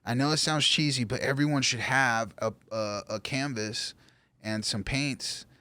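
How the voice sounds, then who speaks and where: A man being interviewed as a guest artist, talking earnestly and rambling with halting restarts. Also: medium pitch, pushed and bright. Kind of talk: casual interview talk.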